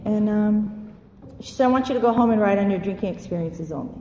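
A woman telling her recovery story, animated, acting out the voices of people she quotes. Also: mid-range voice, fast talker, a little hiss or hum. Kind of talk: personal testimony talk. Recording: roomy hall with long echo.

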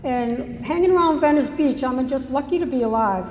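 A woman's voice: high-pitched, normal speed, a little mellow, a little hiss or hum. Woman from Massachusetts, candid personal testimony with self-mocking humour, long hall reverb on the voice. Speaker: speaker sharing a recovery story.

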